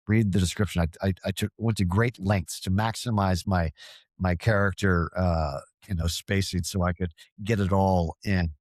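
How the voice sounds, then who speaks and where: With a steady tone at normal speed, a low-voiced man speaks as a podcast guest about his work as a paranormal field researcher. The conversation is casual; he's earnest and rambling, often stumbling and starting over, and the audio has no echo.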